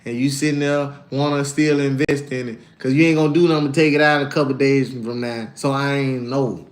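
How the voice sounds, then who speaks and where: A man chatting casually on a livestream, slangy and animated, telling stories and answering viewers. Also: medium pitch, brisk. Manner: animated, slangy, storytelling with put-on voices. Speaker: livestreamer and musician.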